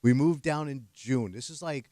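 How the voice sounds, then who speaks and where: A man's voice: mid-range voice, moderate pace, dry recording. Blunt storytelling man on radio. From New Jersey. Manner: animated storyteller, blunt jokes. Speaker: radio co-host. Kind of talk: casual radio banter. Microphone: studio microphone. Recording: dry studio sound.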